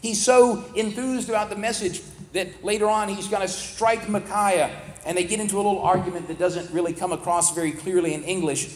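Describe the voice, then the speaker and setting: High-voiced man teaching in an echoey hall. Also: fairly even intonation, a little fast. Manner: conversational, plain-spoken explaining. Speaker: Bible teacher. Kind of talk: explanatory Bible teaching. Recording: echoey hall with long reverb.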